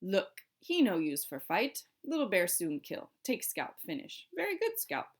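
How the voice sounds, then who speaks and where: A woman's voice: mid-range voice, huge pitch swings, measured pace. A woman voicing a proud, sly little warrior man who speaks in clipped, terse phrases. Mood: blunt.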